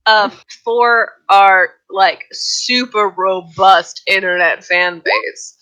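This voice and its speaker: A woman's voice: mid-range voice, slow pace, bright, forceful tone, rough recording. A woman playing in a tabletop game, chatting in a rambling way with fillers. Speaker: player. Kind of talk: casual chat during a tabletop game.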